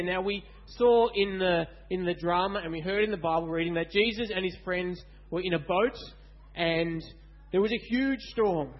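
A man gives a lively children's Bible talk in church and keeps asking the kids questions. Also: high voice, highs cut off. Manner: animated, asks kids questions.

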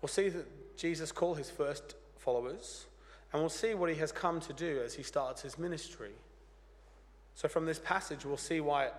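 A pastor with a croaky voice from a cold, preaching an earnest, plain-spoken sermon with light humor. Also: male voice, a little high. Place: church. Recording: church hall reverb.

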